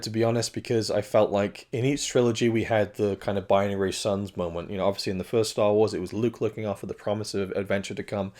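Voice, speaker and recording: A man's voice: lowish voice, darkish tone. A man reviewing a film in casual talk. His voice is strained and cracking, and he rambles with frequent restarts and self-corrections.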